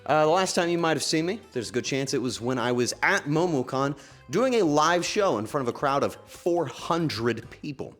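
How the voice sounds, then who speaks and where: A man streaming casually from home, talking to his chat in an emotional, halting way and breaking into sudden excited outbursts. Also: fairly high pitch, soft background music. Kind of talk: casual livestream chat to viewers.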